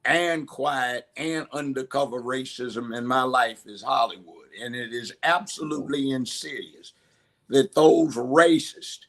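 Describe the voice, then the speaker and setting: A man's voice: medium pitch, a bit bright. Emphatic older man telling stories. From Los Angeles, United States. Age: 70s. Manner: emphatic storyteller who acts out voices. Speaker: guest. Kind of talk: conversational interview.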